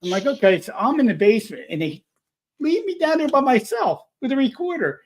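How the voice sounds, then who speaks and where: A man telling a story in a casual chat, rambling and animated, full of restarts. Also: extremely high pitch, brisk. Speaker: paranormal investigator guest.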